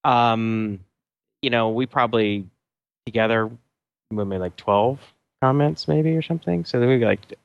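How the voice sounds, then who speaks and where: A man co-hosting a podcast, talking in a thoughtful, halting way with many restarts. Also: medium pitch, creaky, clean tone, no echo, dull audio. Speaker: podcast co-host. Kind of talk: casual chat.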